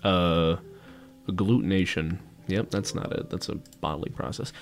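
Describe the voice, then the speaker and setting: A man's voice: deep voice, moderate pace, creaky, faint music behind. A man co-hosting a casual podcast chat, rambling and searching for words, often laughing. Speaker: podcast co-host.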